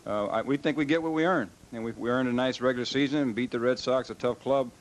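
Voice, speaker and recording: A man's voice: mid-range voice, fast talker, rough recording. A man, a losing team's manager, giving a subdued, reflective post-game interview.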